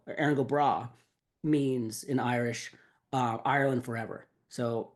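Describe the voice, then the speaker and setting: A man's voice: medium pitch, steady tone, normal speed, darkish tone. A man hosting a podcast, talking casually and rambling, with lots of filler words and swearing. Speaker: podcast host. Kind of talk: casual song breakdown.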